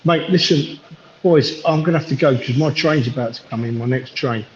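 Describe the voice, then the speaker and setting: A man's voice: mid-range voice, moderate pace. A man calls in by phone to a casual podcast while standing on a train station platform. He talks affectionately and drags out his goodbyes. The call sounds muffled and echoey, with faint noise behind it. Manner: affectionate, long-winded goodbyes. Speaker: caller. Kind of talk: casual chat.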